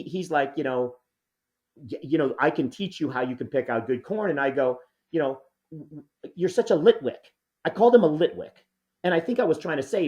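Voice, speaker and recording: A man's voice: medium pitch, a little mellow. Exasperated man in his sixties ranting. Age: 60s. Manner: exasperated, rambling, mock-angry. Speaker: podcast co-host. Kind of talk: comedic rant.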